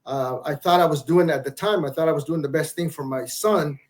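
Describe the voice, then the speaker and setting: A man's voice: a little high, a little fast. A middle-aged man, a retired Marine master gunnery sergeant, talking as a guest in a casual interview. He speaks candidly and reflectively, restarts his sentences often, and uses salty language.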